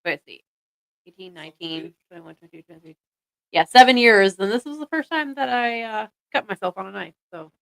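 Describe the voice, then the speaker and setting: Bright-voiced woman in casual chat. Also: mid-range voice, animated, brisk, gravelly, low-quality recording. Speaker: podcast co-host.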